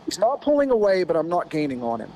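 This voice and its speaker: Animated American man telling a long story. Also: sits high, quick pace, dull audio, a little hiss or hum. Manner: animated, rambling anecdote with many "you know"s. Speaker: podcast guest, former off-road racer. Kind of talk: casual storytelling.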